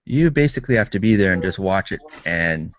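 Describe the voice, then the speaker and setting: Deep-voiced man explaining things patiently. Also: lively intonation, fairly quick, fairly bright tone, dull audio. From Canada. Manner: explanatory, methodical, trailing off. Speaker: podcast co-host. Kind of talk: casual chat.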